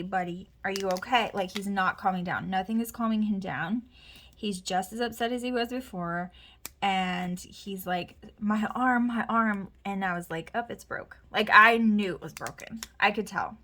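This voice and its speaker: A woman's voice: medium pitch, bright, forceful tone, a little hiss or hum. A woman, chatting casually while she plans, telling a rambling story full of asides and mutters to herself. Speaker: planner vlogger. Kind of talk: casual chat while planning. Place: home.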